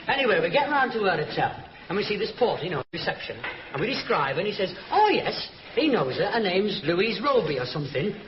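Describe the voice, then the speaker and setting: A cheeky young Northern English lad with a Northern English accent, teasing his mates in a vintage sitcom. His voice rides high and swings about a lot as he spins the tale. The audio is dull and hissy, like an old archive broadcast. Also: sing-song, brisk. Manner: cheeky, mocking, storytelling.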